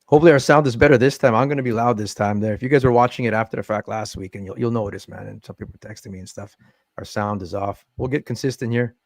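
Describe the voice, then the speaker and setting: Male podcast host, relaxed rambling chatter, raspy edge, dry studio sound. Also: lowish voice, fast, no echo. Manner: laid-back, rambling, lots of "man". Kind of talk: casual chat. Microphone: desk podcast mic.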